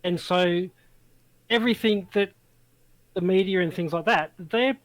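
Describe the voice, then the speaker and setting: A man's voice: sits high, measured pace, no room sound, rough recording. Australian man, guest, blunt, emphatic, casual swearing, dry close sound. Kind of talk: casual chat.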